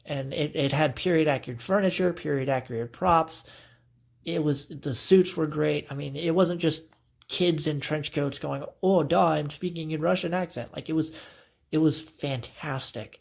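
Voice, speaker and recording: A man's voice: medium pitch, creaky. A young man chatting casually into his phone camera as a vlogger, rambling enthusiastically with lots of fillers and restarts. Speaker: vlogger showing his playbill collection. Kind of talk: casual chat.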